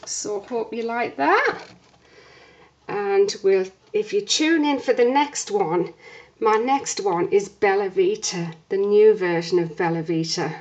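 A woman's voice: medium pitch, darkish tone, lo-fi sound. A woman soap maker chatting casually through a demonstration, a bit out of breath, with lots of fillers. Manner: chatty, unhurried, many fillers.

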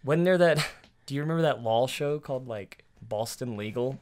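A man in easy, laughing conversation about bad movies, his voice sitting at an ordinary middle pitch. He rambles and jokes with his friends, and now and then slips into mocking little impressions. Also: normal speed, darkish tone. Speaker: podcast co-host. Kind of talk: casual movie-riffing chat.

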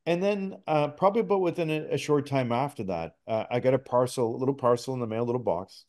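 A man's voice: medium pitch, fast talker, darkish tone. A middle-aged man from Canada, a podcast guest telling a personal story in a casual, earnest way with frequent restarts. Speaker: podcast guest, spirit talker.

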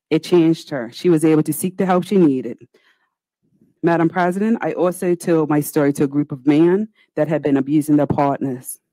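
A woman's voice: low-pitched, dark tone, no room sound, rough recording. A woman senator, giving a formal, earnest, pleading speech in a legislative chamber. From Bermuda. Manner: earnest, pleading, with slow deliberate pauses.

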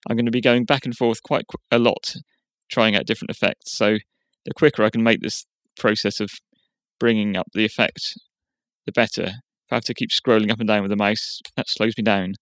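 A man hosting a software tutorial, explaining each step in a plain, steady way. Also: fairly low pitch, brisk, no room sound. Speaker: tutorial host. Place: quiet room.

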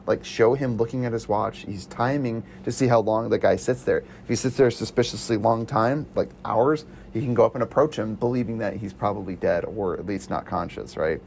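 A man co-hosting a casual movie review podcast, excitable and quick to act out scenes. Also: fairly low pitch, vocal fry, a little hiss or hum. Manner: excitable, quotes scenes in put-on voices. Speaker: podcast co-host.

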